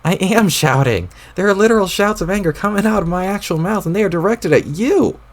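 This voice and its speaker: A man reading a webcomic aloud, voicing an exasperated young woman who scolds her friend in a raised, sharp voice. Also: a little high, big pitch swings, brisk, vocal fry, husky, pitched above the performer's own voice, heavily acted. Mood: furious.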